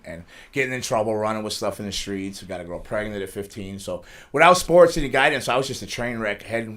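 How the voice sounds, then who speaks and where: A man's voice: fairly low pitch, a bit bright. A middle-aged man, a wrestler, telling rambling life stories in a studio interview and laughing through them. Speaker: wrestler guest. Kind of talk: casual storytelling interview.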